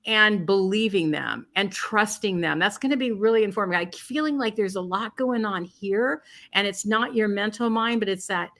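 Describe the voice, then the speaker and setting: A bright, forceful woman from California gives an intuitive card reading over a video call. She circles back and repeats her phrases as she reads the cards in a relaxed, chatty way. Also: mid-range voice, moderate pace, few pauses. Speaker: card reader and co-host. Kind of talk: live card reading chat.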